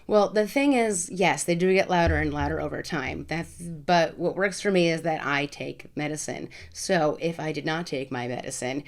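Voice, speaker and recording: Frank, emphatic woman vlogger, slightly low voice. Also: normal speed, hardly any pauses. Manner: frank, emphatic, repeats words for stress. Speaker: vlogger answering viewer questions. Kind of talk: casual Q&A to camera.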